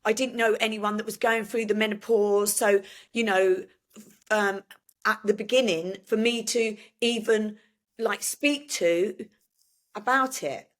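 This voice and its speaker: An older woman, a podcast guest, telling her story haltingly with many restarts and fillers. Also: medium pitch, steady tone. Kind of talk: emotional personal conversation.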